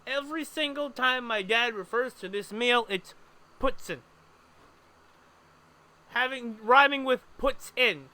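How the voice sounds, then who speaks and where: A man's voice: extremely high pitch, moderate pace, few pauses, bright, forceful tone, clear, resonant tone. A man chatting casually to his audience while playing a game live, wandering off into long, rambling explanations. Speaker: streamer. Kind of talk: casual live gameplay commentary.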